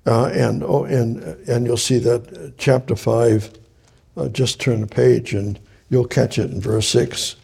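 Gravelly-voiced man teaching a Bible study. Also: medium pitch, steady tone, a little mellow. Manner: halting, repeats and restarts phrases.

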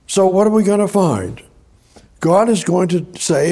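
A man preaches a sermon in Bible-study fashion, reading scripture aloud and talking conversationally while repeating words. His high-pitched voice is expressive and dark-toned, and he never hurries.

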